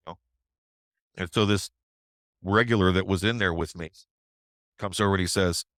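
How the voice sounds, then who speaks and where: A man's voice: sits low, steady tone, moderate pace, long pauses, a bit bright, no room sound. A middle-aged man who teaches trading, telling a story on a webinar in a chatty way with tag questions. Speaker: trading educator.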